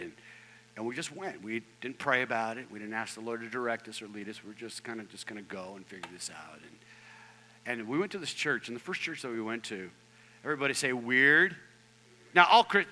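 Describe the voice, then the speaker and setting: A man in his fifties preaches a sermon in a strikingly bright, sharp voice. He tells his story with animated swings between loud outbursts and hushed near-whispers, tossing jokey asides to the congregation. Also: medium pitch, poor audio. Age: 50s. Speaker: pastor.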